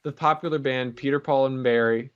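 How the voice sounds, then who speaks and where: A man's voice: medium pitch, steady tone, a little fast, clean tone, dull audio. Rambling, jokey male podcast co-host. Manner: rambling, jokey, lots of fillers. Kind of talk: casual podcast chat.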